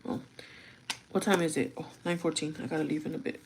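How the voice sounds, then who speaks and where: A woman's voice: low voice, steady tone, fast, a little hiss or hum. A young adult woman vlogging in casual chat, rambling through a story with lots of fillers and switching languages mid-sentence.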